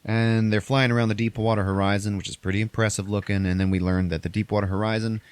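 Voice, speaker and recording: A man hosting a podcast, casually retelling a movie plot in a rambling, profane way and briefly acting out characters in exaggerated high voices. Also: little pitch movement, fast, clear, resonant tone, dry recording. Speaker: podcast host recapping a movie. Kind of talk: casual chat.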